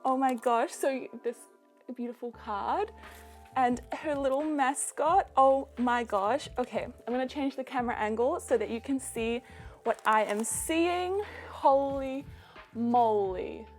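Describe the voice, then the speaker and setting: A young woman with a New Zealand accent, a doll artist unboxing a doll in an excited vlog, full of breathless delighted gasps. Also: sits high, unhurried, soft background music. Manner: gushing, breathless exclamations of delight.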